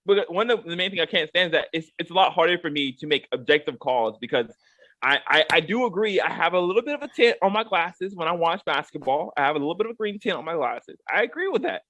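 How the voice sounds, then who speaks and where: A man with a high, very animated voice, ranting about sports. He repeats himself for emphasis and keeps asking "okay?" The recording is dry and close. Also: fast talker, no room sound. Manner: emphatic and repetitive, drives points home with "okay?". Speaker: co-host giving a rant segment. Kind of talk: heated sports rant.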